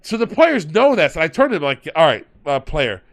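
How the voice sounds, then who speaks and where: A man's voice: fairly high pitch, fairly quick. A man hosting a podcast, telling a tabletop game story in casual chat and retelling his players' lines. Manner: animated, retells players in quoted voices. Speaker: podcast host and game master.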